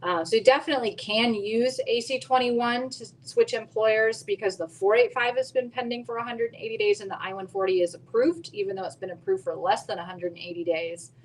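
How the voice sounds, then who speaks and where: A woman co-hosting a live Q&A show, explaining answers clearly and step by step. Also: fairly high pitch, brisk, few pauses, slight background noise, low-quality recording. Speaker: immigration attorney and co-host.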